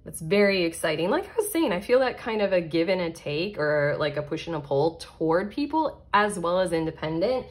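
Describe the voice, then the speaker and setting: Giggly woman reading tarot cards, kinda low voice, super chatty and excitable. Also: a little fast, few pauses. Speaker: tarot reader. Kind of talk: casual tarot card reading.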